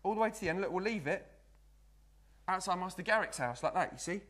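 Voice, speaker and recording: A man's voice: high-pitched, lively intonation, fast talker, a bit bright. A man playing a cheeky young Victorian apprentice magician, doing a live card trick in chatty patter. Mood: playful. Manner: chatty, patter-filled, keeps saying "look". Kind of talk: live magic act in character.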